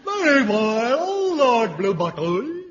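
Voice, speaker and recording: A man voicing a cheerful, dim-witted simpleton with a slow, goofy drawl in 1950s radio comedy. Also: very high-pitched, very animated, exaggerated voice. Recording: dull 1950s radio broadcast with background hiss.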